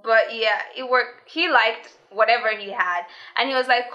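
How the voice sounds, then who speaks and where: A young woman vlogger telling a personal story in a casual, lively way, laughing often and acting out the voices of people she quotes. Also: fairly high pitch, normal speed, few pauses, dull audio.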